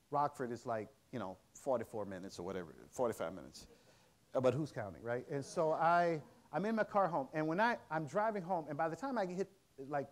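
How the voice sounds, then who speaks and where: A middle-aged man giving a public lecture, telling a story in a conversational, halting way with many restarts and fillers. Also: on the high side.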